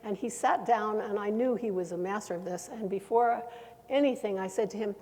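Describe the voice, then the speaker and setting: An older woman, a former broadcaster turned therapist, spins animated anecdotes for a panel audience. Her mid-pitched voice rings with long reverb in a large hall. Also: fairly quick. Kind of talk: panel storytelling.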